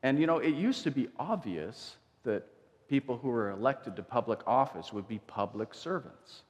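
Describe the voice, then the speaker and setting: Recorded lo-fi with long church reverb, a pastor preaches in a church sanctuary at normal speed. His mid-range voice is animated, and he tells the story conversationally, acting out what people said.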